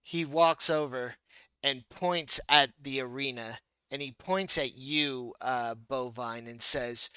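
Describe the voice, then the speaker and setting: A man's voice: mid-range voice, slow pace, bright, forceful tone, clean tone, no echo. A man running a tabletop game as game master, narrating scenes playfully with laughs and restarts.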